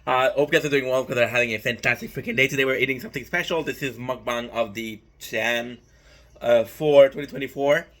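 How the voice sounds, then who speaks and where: A man's voice: mid-range voice, fairly quick, a bit bright. A young man hosting a casual mukbang vlog, chatting loosely and swearing as he cooks. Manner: loose and profane, hyped asides. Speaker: mukbang vlogger.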